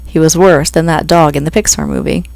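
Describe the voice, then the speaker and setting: An author reads a passage of a novel aloud at a steady, even pace. The voice has a gravelly texture, and the sound is dry and close with no room echo. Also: medium pitch, a little fast. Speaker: author reading own book. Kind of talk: audiobook reading.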